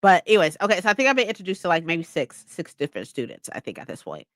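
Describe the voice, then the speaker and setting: Excitable young woman gushing about a book. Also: lowish voice, rapid-fire, no echo, clean studio sound. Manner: excitable, swears often, acts out quotes. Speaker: streamer hosting a reading session. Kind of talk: casual book chat.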